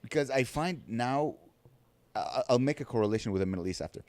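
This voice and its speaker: A man's voice: mid-range voice, expressive, a little mellow, no echo. Eager, laughing podcast host man. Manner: eager, quick to laugh, agreeable. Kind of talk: casual podcast chat.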